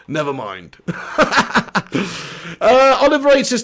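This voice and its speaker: A man's voice: sits high, animated, a little slow, long pauses. A man hosting a live football watch-along, joking, laughing and swearing at the match. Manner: jokey, laughs a lot, swears.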